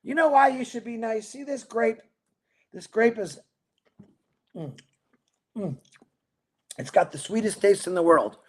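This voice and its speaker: A man hosting a casual livestream, rambling upbeat as he greets viewers by name, talking fast and a bit mumbled. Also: high-pitched, lively intonation. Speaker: livestream host. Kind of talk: casual livestream chat reading viewer comments.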